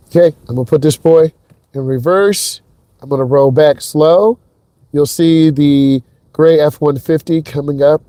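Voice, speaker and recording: A man's voice: on the high side, mellow, no echo. Hyped man coaching from the driver's seat. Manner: hyped, talks straight to viewers. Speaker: driving instructor. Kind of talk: live driving lesson commentary. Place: inside a car while driving.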